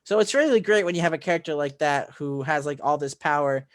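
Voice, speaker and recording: A man co-hosting a podcast, recapping a film in casual chat, excitable and rambling with lots of fillers and restarts. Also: fairly high pitch, fast talker. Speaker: podcast co-host.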